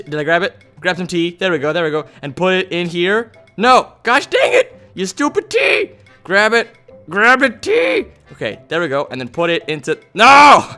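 Young male gaming host, excitable and silly, bright tone, light music under. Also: on the high side. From United States. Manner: goofy and excitable, yelling in mock frustration. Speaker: gaming YouTuber. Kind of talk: comedic let's play commentary.

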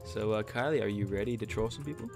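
A man's voice: fairly low pitch, creaky, over music. Upbeat young man hosting a gaming vlog. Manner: upbeat, chatty, quick direct address to viewers. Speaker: gaming YouTuber host. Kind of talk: casual gaming vlog commentary.

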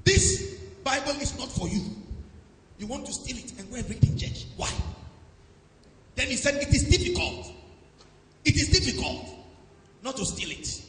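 Male pastor from Nigeria, high animated voice, call-and-response preaching, echoey church recording with faint noise. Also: normal speed, long pauses. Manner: swings between loud shouted declarations and low asides. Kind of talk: sermon. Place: large church hall. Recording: echoey hall with some background noise.

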